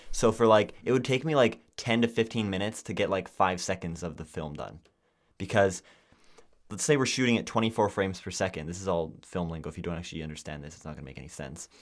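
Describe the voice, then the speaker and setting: A young podcast co-host with a low voice talks quickly in a casual chat. He's an animated storyteller who acts out quotes as he goes.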